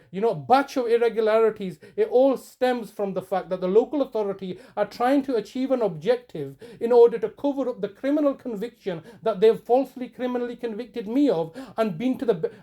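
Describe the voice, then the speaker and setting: A man's voice: very high voice, brisk, hardly any pauses, dark tone. A man arguing insistently on a phone call, repeating himself and stumbling over restarts. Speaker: campaigner confronting a solicitor on a call. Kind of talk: heated phone argument, then commentary to camera.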